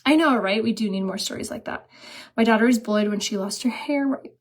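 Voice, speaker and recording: A woman's voice: fairly high pitch, brisk. Chatty woman makeup vlogger. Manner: chatty, lots of "like" fillers and quoted dialogue. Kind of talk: casual storytelling while doing makeup.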